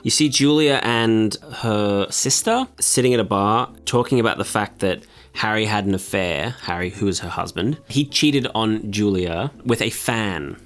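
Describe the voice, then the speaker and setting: A man's voice: fairly low pitch, normal speed, a bit bright. A man co-hosting a film review in casual chat, wry and joking with frequent laughs.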